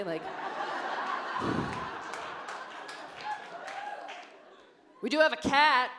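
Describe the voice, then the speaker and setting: A woman's voice: high-pitched, wildly swooping pitch, extremely slow, pauses often, a crowd in the background. A young woman doing a brash, bawdy stand-up comedy set on a club stage, acting out quotes in her stories. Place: large comedy club stage with a live audience. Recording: live club recording with audience noise.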